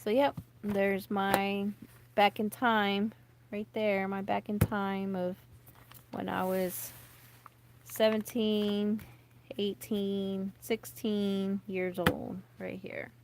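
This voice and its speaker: Woman in her thirties, casual vlog chat, slow unhurried delivery, nervous and rambling, faint background hiss. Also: mid-range voice. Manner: chatty and excitable, trails off with fillers and restarts. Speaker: vlogger.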